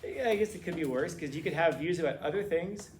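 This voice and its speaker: A man teaching a classroom lecture, telling funny stories with quick asides and teasing his students. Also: on the high side, slight background noise. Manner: joking, animated storytelling with quick asides.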